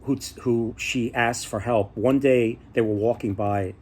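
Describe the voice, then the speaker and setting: A man retells folk tales in a loose, chatty way and stops often to restart his sentences. His voice sits at an ordinary middle pitch. He sounds easygoing and unscripted. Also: steady tone, a little slow, darkish tone, slight background noise. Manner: rambling, many fillers and restarts. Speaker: storyteller.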